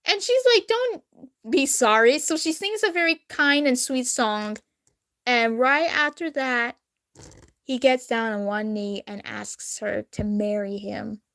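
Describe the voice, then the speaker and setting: A slightly high, creaky voice speaks slowly here, belonging to a young woman vlogger. Reading an old drawing, she tells the story casually, giggling and chatting animatedly with frequent laughs.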